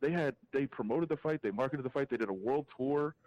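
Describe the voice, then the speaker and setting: A man's voice: medium pitch, a little fast, highs cut off. Opinionated man breaking down fights. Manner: animated, opinionated breakdown with frequent restarts. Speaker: MMA reporter, guest. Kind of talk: casual podcast interview, calling in.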